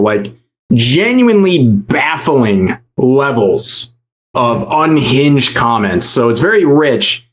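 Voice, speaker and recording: Young male streamer host, mocking and sarcastic reaction commentary. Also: medium pitch.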